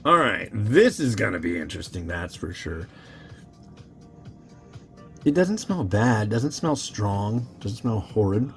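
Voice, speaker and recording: A man's voice: fairly low pitch, very animated, slow, pauses often, a bit bright, faint music behind. A man who reviews instant noodles, chatting casually and rambling to his viewers as he cooks and tastes. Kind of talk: casual chat while cooking and tasting.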